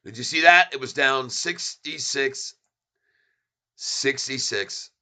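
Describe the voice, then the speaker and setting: Calling his audience folks, a middle-aged man gets excited over a stock chart, saying things twice to drive points home. He talks at a slow pace in a mid-range voice.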